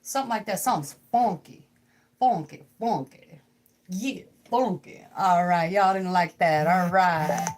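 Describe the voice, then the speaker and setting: A woman's voice: fairly low pitch, unhurried. A young woman reading tarot on a casual livestream from home. She rambles and jokes while talking to her viewers. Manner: rambling, joking, talks to chat. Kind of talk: casual live tarot stream.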